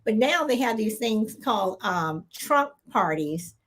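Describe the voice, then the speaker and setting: A middle-aged woman speaks at a middling pitch, chatting casually on a podcast. She is frank and opinionated, with animated delivery. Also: a little slow. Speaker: podcast co-host. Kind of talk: casual chat.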